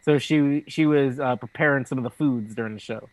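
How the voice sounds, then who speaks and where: A man co-hosting a casual podcast who fills in details in a matter-of-fact way. His voice sits at a middle pitch, with a dry, close sound. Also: brisk, no room sound, rough recording. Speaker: podcast co-host. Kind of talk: casual chat.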